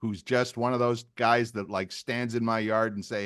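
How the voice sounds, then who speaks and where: A man's voice: medium pitch, steady tone, normal speed, a bit bright, clean tone, dry recording, studio quality. An older man co-hosting a podcast in casual chat, joking and poking fun at himself, often repeating his phrases. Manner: jokey, self-deprecating, repeats phrases. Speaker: podcast co-host.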